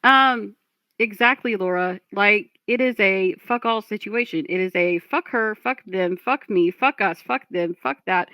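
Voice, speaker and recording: A woman's voice: mid-range voice, a little slow, bright, forceful tone, no echo. A woman streamer commenting on a clip, blunt and profane, lecturing her chat.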